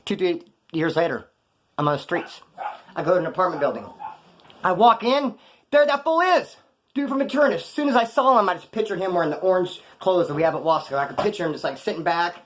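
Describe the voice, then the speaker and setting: Fast-talking man telling prison stories. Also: sits high, fairly bright tone. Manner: slangy, profane, rambling street talk; loose, digressive, corrects himself mid-story. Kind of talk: casual storytelling monologue.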